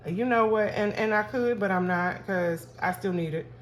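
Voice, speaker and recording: A woman's voice: on the low side, brisk. A woman, talking casually to her viewers while counting cash for her budget. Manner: chatty, talks to viewers as y'all, counts aloud. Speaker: budgeting vlogger.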